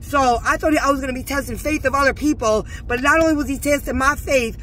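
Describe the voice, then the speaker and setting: A woman's voice: high-pitched, fast, fairly bright tone, a little hiss or hum. A woman vlogger intensely recounting a church confrontation to her viewers, agitated and preachy, calling them y'all. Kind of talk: emotional first-person recounting to viewers.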